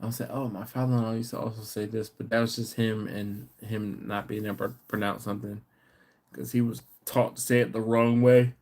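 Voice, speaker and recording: A man's voice: fairly low pitch, flat delivery, fairly quick, darkish tone. A tired middle-aged man hosting a casual late-night live stream, chuckling and bantering in a laid-back, slangy way as he reads viewer comments. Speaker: barbecue channel host.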